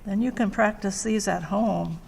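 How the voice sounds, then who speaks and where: A woman's voice: medium pitch, a little hiss or hum. A woman working as an adult literacy tutor, speaking patiently with encouraging praise and careful explanations. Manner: patient, warm praise, slow clear explanations.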